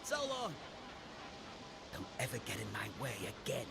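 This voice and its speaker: An actor playing a boastful rich man with a thick tough-guy accent, every emphasized word landing deliberately, in game audio. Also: mid-range voice, wildly swooping pitch, creaky, heavily acted. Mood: swaggering. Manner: emphatic, intentional delivery. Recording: game audio with background noise.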